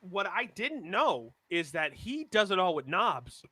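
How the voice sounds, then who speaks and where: A man's voice: high voice, a little slow, slightly rough. A man from Roxbury, Massachusetts, talking casually as a podcast guest, rambling with lots of fillers. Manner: rambling, filler-heavy, excited. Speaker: guest rapper.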